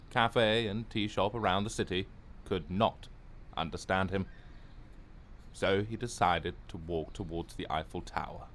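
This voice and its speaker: A man narrating a children's animated short in a gentle, expressive storytelling voice. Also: fairly low pitch, a little hiss or hum.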